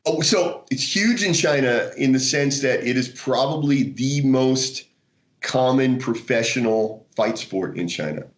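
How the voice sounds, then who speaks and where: An American man, a guest author in a casual interview, telling animated stories with frequent laughter and restarts. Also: medium pitch, measured pace. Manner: animated storyteller, laughs often, many restarts. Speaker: guest, martial arts author.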